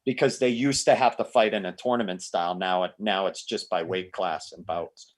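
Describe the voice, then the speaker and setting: A man's voice: low voice, moderate pace. A man guesting on a casual comedy podcast, telling rambling stories with free swearing. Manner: animated, rambling storyteller, swears freely.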